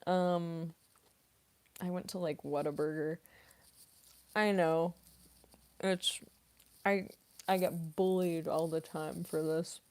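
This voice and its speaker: A young woman voice actress casually answering chat questions on a stream, relaxed and rambling with many fillers, snacking as she talks. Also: lowish voice, takes it slowly, pauses often. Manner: relaxed and rambling, many fillers, laughs often, eating while talking.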